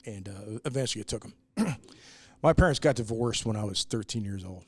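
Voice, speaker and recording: A man's voice: fairly low pitch, expressive, brisk, no echo. Candid man telling a personal story. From New York, US. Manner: candid, emotional storytelling with frequent restarts and swearing. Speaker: brewery owner, guest. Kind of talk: casual chat.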